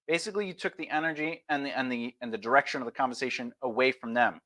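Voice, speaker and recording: Bright-voiced man giving a casual lesson. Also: a little high, fast talker, hardly any pauses. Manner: loose, chatty, acts out example replies. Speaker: streamer teaching conversation skills.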